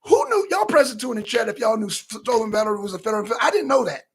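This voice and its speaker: A man hosting a political talk livestream, animated and repetitive, calling out viewers in the chat. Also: extremely high pitch, quick pace, breathy edge. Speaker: talk show host.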